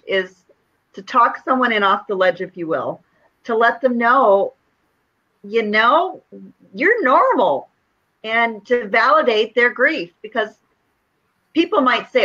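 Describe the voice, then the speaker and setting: A woman's voice: a little high, sharp tone. A woman grief counselor answering interview questions in an earnest, reassuring way, explaining things step by step. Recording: dull lo-fi sound.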